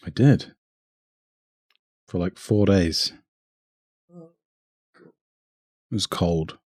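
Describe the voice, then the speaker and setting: A deep-voiced man chats on a relaxed podcast, low-key and dry. His voice sounds close and dead, with no room in it, as he drops the odd corny joke. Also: very slow, no echo. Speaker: podcast co-host. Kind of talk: casual chat.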